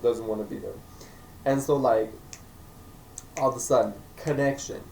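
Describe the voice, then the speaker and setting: A man's voice: medium pitch, moderate pace, creaky, a little mellow. Joking man reviewing a movie, echoey room. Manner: joking, acts out characters in silly voices. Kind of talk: casual vlog review. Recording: echoey room, mic at a distance, faint noise.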